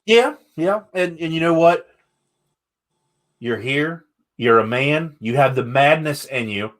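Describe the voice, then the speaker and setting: A man's voice: fairly high pitch, lively intonation, slow pace. A man hosting a casual interview podcast, talking candidly and rambling with enthusiasm. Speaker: podcast host.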